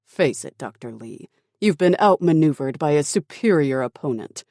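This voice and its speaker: An audiobook narrator voicing a ruthless male military commander who speaks coldly and dismissively, with quiet menace. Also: mid-range voice, lively intonation, normal speed, dry recording, clean studio sound, close to an everyday voice. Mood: menacing.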